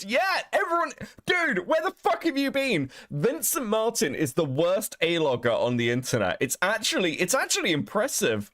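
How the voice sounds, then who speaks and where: A fairly high-voiced man hosting a casual livestream, with a lively, swooping delivery. He mocks and swears freely and laughs often, heard on a dry, close sound. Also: normal speed, dry recording. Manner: profane, mocking, laughs often. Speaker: streamer host.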